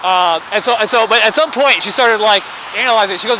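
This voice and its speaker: A man casually retelling an argument outdoors, animated, quoting both sides with many restarts. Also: very high-pitched, fast. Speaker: pro-life sign holder. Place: outdoors by a busy street. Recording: outdoor street noise. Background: traffic noise.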